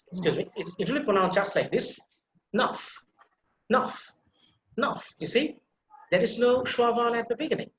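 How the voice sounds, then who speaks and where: A man's voice: very high-pitched, lively intonation, moderate pace, fairly bright tone, reverberant, highs cut off, slight background noise. A man teaching a pronunciation class on a video call, explaining patiently with many fillers and repetitions.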